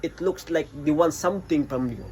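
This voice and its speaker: Male vlogger, slightly high voice, faint ambient noise, playful and mock-threatening. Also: fairly quick. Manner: playful, mock-menacing boasts. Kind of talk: casual vlog to camera. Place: beside an old house.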